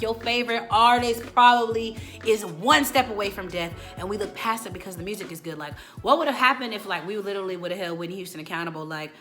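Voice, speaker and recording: Brief: late-twenties female vlogger, opinionated and animated, light music underneath. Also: medium pitch. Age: late 20s. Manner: animated, opinionated, quotes people in put-on voices. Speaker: host. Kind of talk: casual video commentary.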